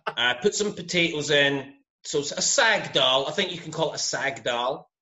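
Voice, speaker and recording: A man's voice: fairly high pitch, normal speed, hardly any pauses, sharp tone. A man with a Scottish accent, a podcast guest bantering in a jokey, self-mocking way. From Scotland. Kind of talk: casual chat. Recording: dull lo-fi remote audio.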